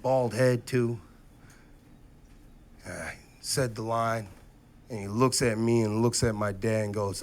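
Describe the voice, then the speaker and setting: A man doing stand-up comedy on stage, telling animated stories from his life into a handheld mic. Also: lowish voice, background noise. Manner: animated, quick to act out quotes. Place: comedy stage before a live audience.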